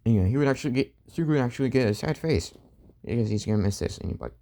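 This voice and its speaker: Man, improvised storytelling, rambling, lots of filler, dark tone. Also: medium pitch, lively intonation, racing. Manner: rambling, fills with "and yeah". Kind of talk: improvised fan story narration.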